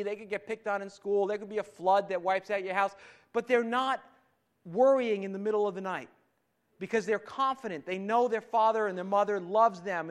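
A man preaching a sermon in a conversational way, stumbling and restarting often, building to emphatic points. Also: high voice. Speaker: pastor.

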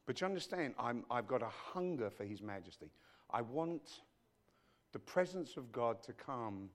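Male pastor giving a sermon in church, middle-pitched voice, goes quiet then loud, talks right at the people. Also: big pitch swings, moderate pace. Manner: emphatic, swinging between hushed and loud; addresses the congregation directly.

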